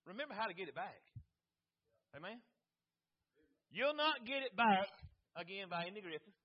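A man, preaching a sermon as a visiting preacher, repeating his points and calling on the congregation for amens. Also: high-pitched. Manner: repetitive, rhythmic, calls for amens from the congregation. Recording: dull lo-fi sound.

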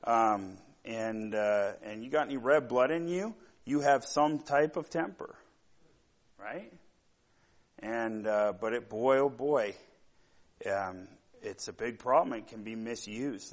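A middle-aged man preaching a sermon, telling stories in a rambling way with many fillers and growing loud and animated when he gets worked up. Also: medium pitch, measured pace. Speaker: pastor.

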